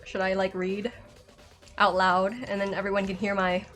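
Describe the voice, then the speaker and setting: A woman's voice: medium pitch, monotone, moderate pace, a bit bright, faint music behind. A young woman streamer with a Southern accent and a slight lisp, rambling through a game playthrough with lots of filler likes. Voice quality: slight lisp from a dental aligner. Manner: rambling, self-conscious, many filler likes. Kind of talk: live-streamed game playthrough, reading dialogue aloud.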